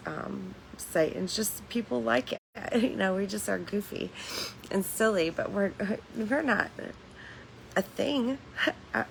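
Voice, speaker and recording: Streaming casually from home, this woman has a lowish, gravelly voice in a low-quality recording with slight background noise. Her talk is candid and meandering, peppered with swearing and laughter.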